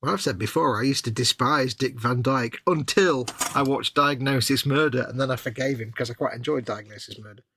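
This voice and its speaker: A man's voice: mid-range voice, a little fast, few pauses, bright, forceful tone, slightly rough. A middle-aged man co-hosting a live hobby stream, trading dry, wry quips in casual banter.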